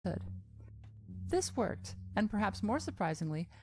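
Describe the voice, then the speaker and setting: Female essay narrator, calm and measured, animated intonation. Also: medium pitch, soft background music. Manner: measured, calm storytelling delivery. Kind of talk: scripted narration.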